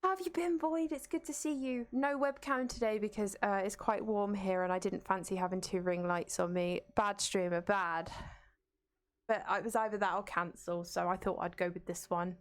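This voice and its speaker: A woman's voice: mid-range voice, steady tone, normal speed. A young woman streaming a game live, chatting casually with her viewers, laughing and swearing as she plays from home. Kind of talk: casual live gameplay commentary.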